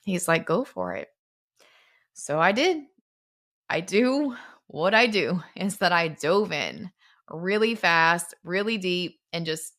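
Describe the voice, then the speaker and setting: A woman's voice: mid-range voice, fairly bright tone. A middle-aged woman earnestly telling a personal story, as the founder of a fitness brand.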